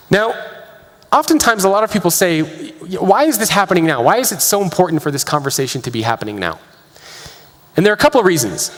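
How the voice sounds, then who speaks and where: Keynote speaker, male, high and animated voice, energetic storyteller, echoey conference hall. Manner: energetic, rhetorical questions to the audience. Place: large conference hall with live audience.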